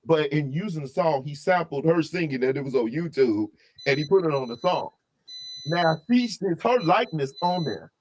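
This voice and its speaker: A man with a slightly higher-than-average voice co-hosts a relaxed album review. He sounds animated and opinionated, jumping into asides and restarting his sentences as he goes. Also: moderate pace, a little hiss or hum. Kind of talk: casual opinionated chat.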